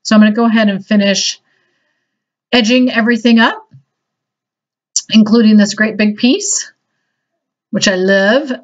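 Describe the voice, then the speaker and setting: A woman's voice: mid-range voice, measured pace, long pauses. A woman chatting enthusiastically through a casual craft tutorial, a little self-deprecating. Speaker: crafting demonstrator. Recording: slightly dull lo-fi audio.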